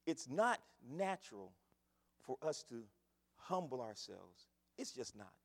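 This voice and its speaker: An older man preaching a sermon, swinging between loud fervent calls and low hushed asides. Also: sing-song, takes it slowly, gravelly, in a large hall. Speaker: pastor.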